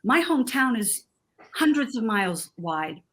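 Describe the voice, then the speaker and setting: A woman's voice: on the high side, very animated, unhurried, husky. A middle-aged woman from Southern California on a TV talk panel, telling a personal story with emotion and acting out the voices she quotes. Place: TV studio.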